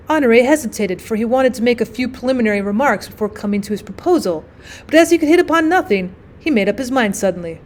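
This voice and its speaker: A woman teacher giving a measured, clear scripted narration of a short story. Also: on the high side, expressive, darkish tone.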